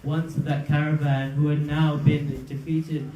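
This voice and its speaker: At a live majlis, a man gives a religious sermon in a gathering hall, telling a story earnestly and posing rhetorical questions. His voice is on the high side and warm, flat in delivery and measured, captured with dull audio from far off in an echoey hall.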